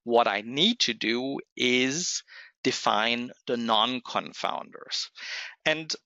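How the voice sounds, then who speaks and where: Hoarse man, slow gravelly webinar presenter, bright voice, dull lo-fi dry audio. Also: medium pitch, no echo. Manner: measured, explanatory, thinks aloud with pauses. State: hoarse, losing his voice. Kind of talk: software tutorial webinar. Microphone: computer mic on a webinar call.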